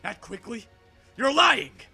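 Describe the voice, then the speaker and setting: A man's voice: fairly high pitch, big pitch swings, normal speed, soft background music, pitched above the performer's own voice. A man voicing a cocky, hot-tempered young male android in a fan audiobook, raising his voice to snarl. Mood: furious. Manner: smug, then shouting and snarling.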